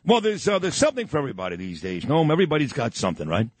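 Wisecracking host with a lively, husky voice. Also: male voice, a little high, no room sound. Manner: wisecracking, quick jokes. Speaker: radio host. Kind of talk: morning radio talk show.

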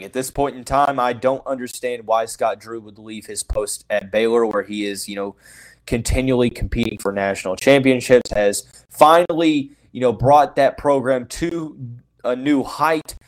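A man with a mid-range voice hosts a solo sports talk show. He rambles through his opinions and fills every pause with "you know", but he still says plainly what he thinks. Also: mid-range voice, a little mellow. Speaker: sports podcast host. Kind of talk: casual solo sports commentary.

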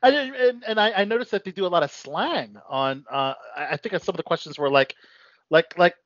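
A man co-hosts a casual interview and asks playful questions. His voice sits fairly high and moves up and down a lot. The audio is dry and muffled, with little room sound. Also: lively intonation, fairly quick, a bit bright, dry recording. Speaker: podcast co-host.

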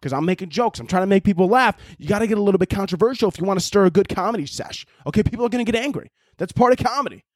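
A young man hosting a comedy podcast, ranting and swearing, his voice leaping high when he gets worked up. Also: animated, very fast, hardly any pauses, no room sound, clean studio sound. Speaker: podcast host. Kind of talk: comedic rant.

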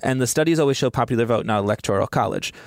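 A man's voice: medium pitch, rapid-fire, dry recording, studio quality. A man who is a science editor, explaining research findings in a wry, informative conversational way.

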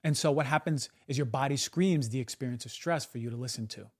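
A man hosting a podcast, talking in an emphatic monologue and often tagging a quick "right?" onto his points. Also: medium pitch. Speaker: podcast host.

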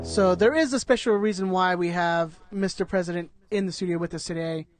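High-voiced laid-back male podcast host. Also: brisk, no room sound, soft background music. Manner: laid-back, laughing, calls everyone dude. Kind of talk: casual chat.

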